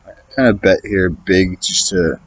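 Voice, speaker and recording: In a low-quality recording, a man with a low voice speaking at a moderate pace streams his online poker session. He thinks aloud through his hands, muttering reads and swearing in exasperation at how opponents play, in casual game commentary.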